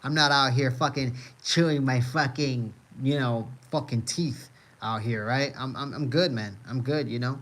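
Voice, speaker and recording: Casual male streamer at an average pitch, joking and cursing through loose, filler-heavy chat. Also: moderate pace, a bit bright. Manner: rambling, heavy on "uh" and "you know what I mean"; laid-back, profane, joking. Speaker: live streamer reading chat.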